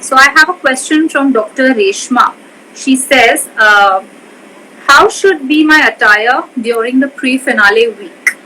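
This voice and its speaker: A woman's voice: high voice, a little slow, background noise. A woman interviewing a pageant guest over a live video call. She is effusive and fills the talk with affirming remarks.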